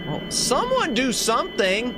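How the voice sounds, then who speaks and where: A man streaming a game as a VTuber, chatting casually with viewers and reacting loudly to what happens on screen. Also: extremely high pitch, wildly swooping pitch, unhurried, background noise. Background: game music.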